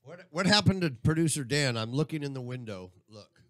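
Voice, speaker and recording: A man's voice: mid-range voice, expressive, fairly quick, a bit bright. A man hosting a live radio talk show, bantering and joking with his co-hosts in the studio. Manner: jokey, talks over others.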